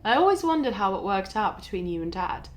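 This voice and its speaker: An actress playing a young wife who records a shaken video message to her mother, speaking softly and haltingly. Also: medium pitch, big pitch swings, natural voice, low-quality recording. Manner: soft, hesitant, halting delivery with quiet dips. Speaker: actor in a short film. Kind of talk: dramatic monologue as a video message.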